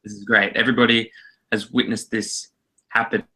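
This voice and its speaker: A man's voice: fairly low pitch, level tone, moderate pace, pushed and bright. An Australian man co-hosting a film podcast, rambling casually with hedges and dry jokes. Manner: rambling, hedging, dry joking. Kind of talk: casual chat.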